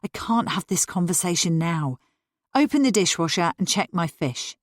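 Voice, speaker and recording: A woman reading a stressed, snappy woman in a story, with sharp, exasperated lines. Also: lowish voice, lively intonation, normal speed, no echo, clean studio sound.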